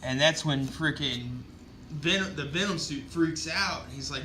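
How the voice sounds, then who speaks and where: Rambling bright-voiced male comic reviewer. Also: fairly high pitch, a little slow, a little hiss or hum. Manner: rambling, swears, many fillers. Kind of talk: casual comic recap.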